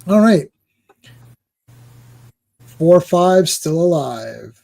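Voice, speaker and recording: Jokey Canadian man, mellow voice. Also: on the high side, expressive, moderate pace. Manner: rambling, jokey, tells anecdotes with quoted voices. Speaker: comic book podcast co-host. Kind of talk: casual chat.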